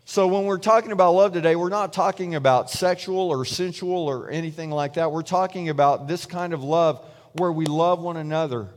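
A man's voice: fairly high pitch, moderate pace. Man preaching a conversational sermon in a reverberant hall. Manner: conversational storytelling, acts out quoted voices.

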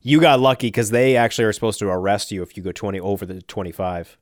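A man co-hosting a podcast, chatting casually and teasing the others with quick wisecracks. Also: lowish voice, no echo, studio quality. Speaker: podcast co-host. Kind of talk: casual chat.

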